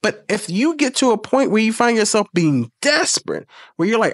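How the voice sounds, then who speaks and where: A man's voice: sits high, very animated, normal speed, no room sound, clean studio sound. A man hosting a casual commentary video, blunt and profane, lecturing in an exasperated way.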